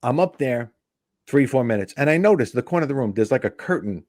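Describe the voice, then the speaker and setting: A comedian, telling a long anecdote in a podcast chat and acting out the people in it. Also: male voice, mid-range voice, fast talker, dry recording, studio quality. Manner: animated anecdote teller, acts out quotes. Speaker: comedian guest. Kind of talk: podcast storytelling.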